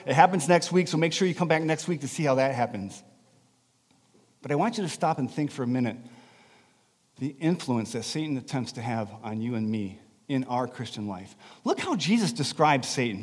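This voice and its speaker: A man preaching a sermon as pastor, animated and conversational, asking the congregation questions. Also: fairly high pitch, breathy edge, in a large hall. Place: church sanctuary.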